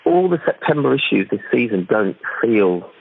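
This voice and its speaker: Gravelly man on a phone-quality line. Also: medium pitch, big pitch swings, normal speed. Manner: chatty, often asks "you know what I mean". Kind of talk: casual conversation. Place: London.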